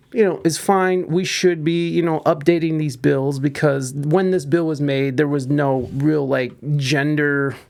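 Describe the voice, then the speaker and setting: Gravelly, rambling podcast host man. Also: a little high, a little mellow. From United States. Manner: rambling, profane, many restarts. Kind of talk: casual commentary on news.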